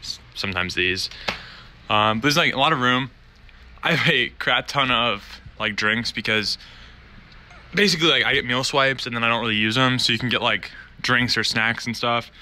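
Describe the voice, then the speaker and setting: Rambling young guy, bright voice. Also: mid-range voice, moderate pace. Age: young adult. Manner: rambling, filler-heavy, wanders off topic. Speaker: college student vlogger. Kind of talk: casual room-tour vlog. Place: dorm room. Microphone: handheld camera.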